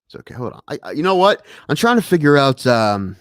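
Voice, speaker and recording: A man with a slightly high voice, hosting a stream on his own. He rambles and restarts, then gets animated when a story takes hold. The sound is dry and close. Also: fairly quick, smooth, no room sound. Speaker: podcast host streaming solo. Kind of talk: casual rambling stream chat.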